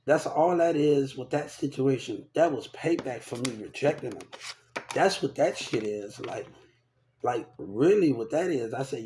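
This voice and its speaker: A man's voice: medium pitch, lively intonation, measured pace, dark tone, a little hiss or hum. A young man talking in a rambling, repetitive and profane way, venting about people in his life in a casual rant to camera. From Texas.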